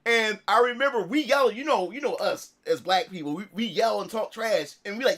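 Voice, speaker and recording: A man telling a story to his livestream audience in a casual, animated way, swearing often and restarting his sentences. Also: sits high, fairly quick, hardly any pauses. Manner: animated, profane, full of restarts. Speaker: streamer.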